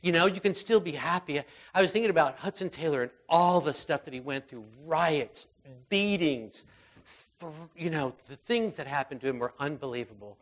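A man preaching an informal sermon in a conversational way, full of fillers and restarts, moving between raised intensity and quiet, soft passages. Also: fairly high pitch, expressive, normal speed.

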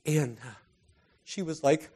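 A man preaching a sermon through personal stories, earnest and heartfelt, his voice often dropping soft and quiet. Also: fairly high pitch, takes it slowly, slightly rough.

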